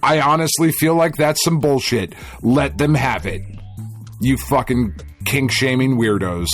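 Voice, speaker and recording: A man's voice: mid-range voice, measured pace, soft background music. A man co-hosting a casual gaming podcast, a crude, joking storyteller who swears heavily. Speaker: podcast co-host.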